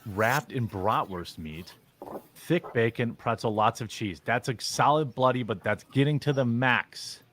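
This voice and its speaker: A man's voice: medium pitch, a little slow, fairly bright tone, a little hiss or hum. A man giving casual commentary as a streamer, blunt and opinionated in a mock-serious way.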